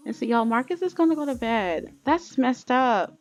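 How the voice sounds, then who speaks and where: A woman's voice: a little high, very animated, normal speed, hardly any pauses. Chatty woman narrating her game. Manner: chatty, dramatic, talks straight to viewers. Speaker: let's play host. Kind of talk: casual game commentary. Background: faint music.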